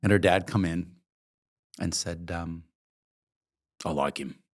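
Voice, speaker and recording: A man's voice: low voice, takes it slowly. A middle-aged man from Oregon, an interview guest telling vivid anecdotes and acting out the dialogue, with casual swearing. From Oregon, USA. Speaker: interview guest, coffee entrepreneur. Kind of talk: conversational storytelling.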